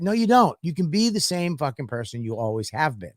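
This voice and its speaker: Profane ranting comic, dry close sound. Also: male voice, a little high, very animated, brisk, no room sound. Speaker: comedian and podcast host. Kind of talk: casual podcast chat.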